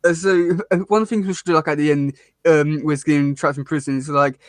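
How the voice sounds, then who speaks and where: Halting man in casual review chat. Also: fairly high pitch, fairly even intonation, no echo, studio quality. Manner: halting, many restarts and fillers, laughs often. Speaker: podcast co-host reviewing a cartoon episode.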